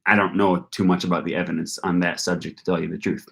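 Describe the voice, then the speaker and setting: Young guy doing a live q&a stream, lowish voice, lots of ums, just chatting. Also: little pitch movement, quick pace, creaky, a bit bright. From North Carolina. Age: young adult. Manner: casual, thinking aloud with frequent ums. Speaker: channel host answering viewer questions.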